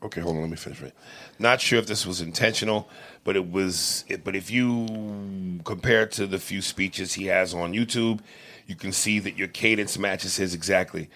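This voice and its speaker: A man's voice: deep voice, fairly even intonation, moderate pace, pushed and bright. A man co-hosting a podcast in crude, casual chat, laughing and mumbling asides. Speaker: podcast co-host.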